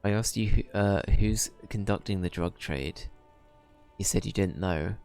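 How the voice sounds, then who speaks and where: Gravelly, low-voiced male streamer. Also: unhurried, a little mellow, faint music behind. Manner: rambling, swearing, talks to himself. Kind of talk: casual gaming commentary.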